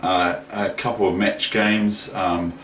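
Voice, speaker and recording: A man's voice: deep voice, flat delivery, takes it slowly, fairly bright tone. A man with a New Zealand accent giving a casual chess lesson, rambling and hesitant. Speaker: chess teacher. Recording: echoey room, faint noise.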